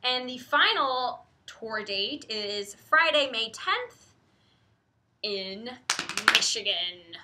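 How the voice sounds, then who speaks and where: A woman's voice: a little high, lively intonation, extremely slow, sharp tone, a little hiss or hum. A young woman from the Midwest co-hosting a casual live book stream, giggling often and reading out viewer comments. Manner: giggly, chatty, reads viewer comments aloud. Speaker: host.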